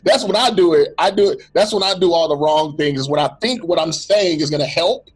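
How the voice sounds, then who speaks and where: This co-host sounds on the high side with a breathy edge, talking fairly quickly against faint music. He reflects earnestly on faith in a relaxed way, often restarting and quoting what people might say.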